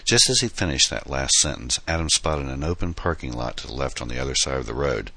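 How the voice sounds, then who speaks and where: A man reads his own novel aloud in a steady, storytelling manner. His voice is extremely deep yet bright and forceful. The recording is dry and close, with no room sound. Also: a little fast, no echo. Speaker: audiobook author and narrator. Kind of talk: scripted narration.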